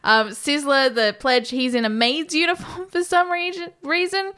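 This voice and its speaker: Bright, high-voiced woman podcaster. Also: fairly even intonation, normal speed. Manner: giggly, enthusiastic, acts out characters' lines. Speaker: podcast co-host. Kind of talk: casual film review chat.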